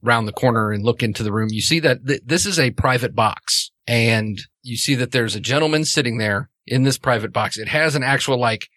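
A man narrates a tabletop game as game master, loose and conversational with plenty of fillers. His voice is mid-pitched and the recording is dry and close. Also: a little fast, few pauses, bright, forceful tone, no echo. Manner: casual, many "like" fillers.

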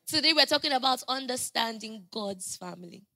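A woman preaching a sermon, telling stories conversationally and building to loud, emphatic proclamations. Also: on the high side, lively intonation, brisk, vocal fry. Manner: conversational storytelling with playful asides.

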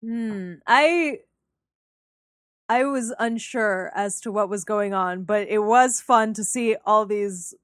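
A woman co-hosting a casual podcast chat about a TV episode, animated, often acting out lines and laughing. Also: medium pitch, slow, no room sound, clean studio sound. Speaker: podcast co-host.

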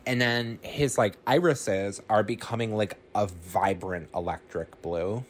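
Slow, rambling casual podcast host. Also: deep voice, slight background noise. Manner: rambling, filler-heavy, swears freely. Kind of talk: casual film recap.

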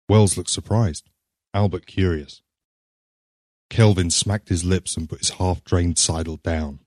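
A man narrating a short story in a measured, scripted reading. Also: sits low, fairly even intonation, darkish tone, dry recording, clean studio sound.

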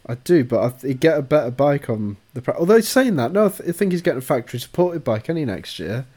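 Calm, matter-of-fact podcast man. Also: fairly high pitch, quick pace. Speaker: podcast co-host. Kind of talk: casual chat.

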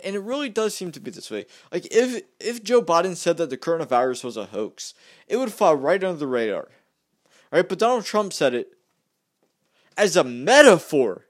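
Rambling young man ranting casually. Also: a little high. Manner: rambling, repeats himself, mocking. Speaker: vlogger. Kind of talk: casual political rant.

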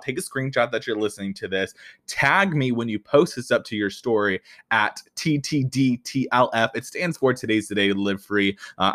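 A man hosting his own podcast in a casual, energetic way, getting excitable and swearing freely as he talks straight to his listeners. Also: lowish voice. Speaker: podcast host. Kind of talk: casual solo podcast talk.

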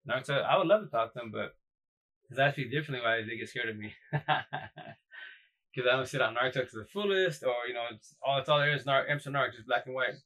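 A man's voice: medium pitch, a little fast, sharp tone, poor audio. A man hosting a casual livestream, talking in a rambling, emphatic way, swearing often and repeating himself. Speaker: livestream host.

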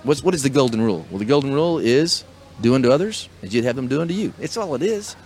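Fast-talking middle-aged motivational host. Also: male voice, medium pitch, expressive, a little mellow. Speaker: podcast host and small business coach. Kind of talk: casual chat.

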